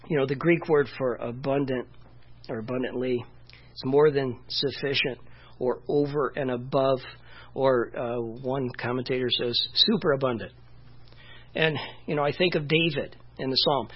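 A man's voice: mid-range voice, fairly even intonation, moderate pace, breathy edge, dull audio. A man preaching a sermon in a conversational way, often saying "you know" and restarting his phrases. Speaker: pastor.

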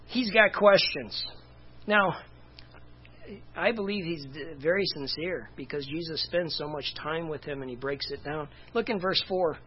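A man's voice: on the high side, a little slow, husky, dull audio. A man preaching a casual, conversational sermon as pastor, with chuckles and asides.

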